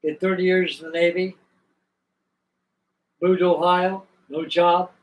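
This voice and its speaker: A man's voice: high voice, little pitch movement, measured pace, distant mic, rough recording. An older man from Virginia, hosting a live stream, spinning a rambling, folksy story with restarts. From Virginia, USA. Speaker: host.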